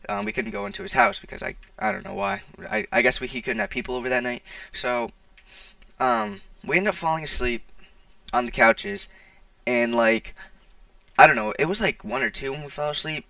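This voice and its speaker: Teen guy rambling thru a story, super gravelly, bright edgy voice, far off a dry bad mic. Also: a little high, sing-song, normal speed, no room sound. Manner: rambling, full of "like" and restarts. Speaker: vlogger. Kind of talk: casual storytime. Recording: distant, dry, poor-quality mic.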